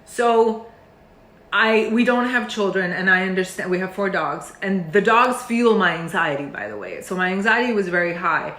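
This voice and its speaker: A woman's voice: mid-range voice, a bit bright. Earnest woman speaking in a roomy space. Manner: earnest and emotional, with many fillers and restarts. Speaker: meditation teacher. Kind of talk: heartfelt talk to camera. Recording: roomy echo.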